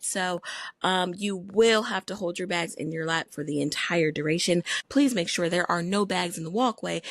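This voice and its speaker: A woman's voice: lowish voice, dry recording, studio quality, close to an everyday voice. A woman voicing a careless, uncaring flight attendant who reads out cabin announcements in a mock-formal way and keeps switching accents. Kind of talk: comedic role-play bit.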